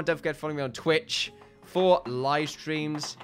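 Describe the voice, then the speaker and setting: A man's voice: fairly high pitch, fairly even intonation, normal speed, clean tone. An upbeat man talks through his castle-building game in a casual let's-play style. He is chatty and laughs at his own slips. Faint background music runs beneath his voice. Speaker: gaming YouTuber.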